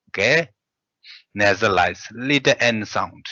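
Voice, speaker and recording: Guy teaching pronunciation, reads syllables out slow, lots of uhs, bright voice, dull dry audio. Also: fairly low pitch, animated, no room sound. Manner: hesitant, many pauses and fillers. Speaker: language teacher. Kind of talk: pronunciation lesson, reading syllables aloud.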